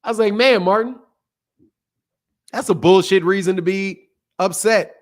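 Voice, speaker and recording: This man runs a boxing channel and is in full fired-up mode, swearing loudly and chatting casually like he's on stream, with laughter breaking up his points. His pitch is high and his pace measured.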